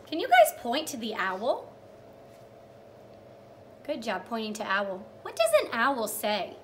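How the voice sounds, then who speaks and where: A woman's voice: fairly high pitch, huge pitch swings, a little hiss or hum. A young woman teacher reading a picture book to small children, sing-song and encouraging, praising each step and acting out animal sounds. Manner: drawn-out storytelling with animal sounds.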